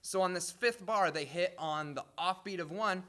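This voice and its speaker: A man's voice: high voice, moderate pace, pushed and bright. A man, a music professor, giving a patient instructional drum set lesson in a practice room. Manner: clear, patient explaining with sung drum patterns.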